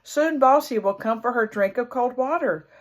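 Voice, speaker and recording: A woman's voice: lively intonation, moderate pace, close to an everyday voice. A woman doing a squealing old windmill. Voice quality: high squealing cries.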